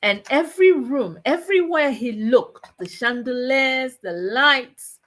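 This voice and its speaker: A woman from Ghana, hosting a chat show and telling a folk tale with a moral in an expressive, deliberate way. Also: high-pitched. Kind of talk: storytelling with a moral.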